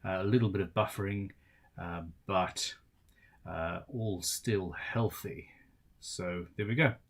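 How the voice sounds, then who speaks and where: A man's voice: sits low, slow. A tired man, hosting a casual live-stream Q&A as a luthier, chatty and rambling with self-deprecating asides.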